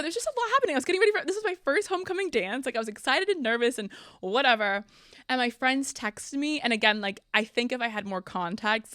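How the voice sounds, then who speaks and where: A young woman hosting a podcast, telling funny stories from her life in a chatty, animated way, often laughing. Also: mid-range voice, clean tone, no room sound, clean studio sound. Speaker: podcast host. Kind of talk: casual storytelling.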